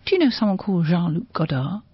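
A woman reading aloud and voicing a menacing young militiaman with a gun, speaking in a slightly lower, cold, taunting tone, on a dry, dull recording. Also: sing-song, fast, slightly rough, no room sound. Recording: dull, dry, muffled sound.

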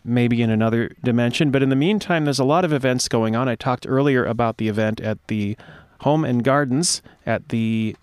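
A man's voice: medium pitch, dry recording. A man hosting a radio show, chatting in a wry, digressive way and reading old wartime slogans aloud. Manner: wry, digressive, asides to listeners. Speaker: radio host. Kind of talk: casual radio talk with read-out history.

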